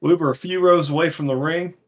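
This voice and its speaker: Husky male co-host, rambling and profane, lots of filler. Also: on the high side, fairly even intonation, quick pace. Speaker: podcast co-host. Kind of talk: casual chat.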